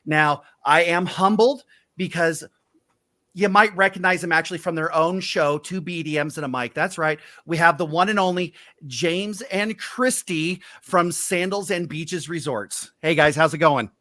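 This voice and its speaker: A man's voice: on the high side, unhurried, pushed and bright, no room sound. A man hosting a casual live stream as a travel agent, upbeat and playfully teasing his guests on a video call.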